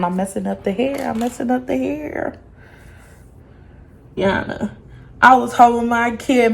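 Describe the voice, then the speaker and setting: Young woman, 20s, beauty vlogger; brash, profane storyteller; mid-range voice, reverberant room sound. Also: mid-range voice. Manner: blunt, profane, animated storytelling. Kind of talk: casual storytime vlog. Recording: echoey room.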